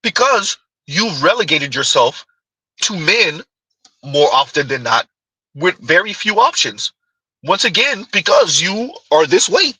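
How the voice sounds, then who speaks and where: A man's voice: sits high, very animated, a little slow, pushed and bright, breathy edge, dry recording, low-quality recording. A man streaming casual commentary on clips, mocking and giggling as he rambles.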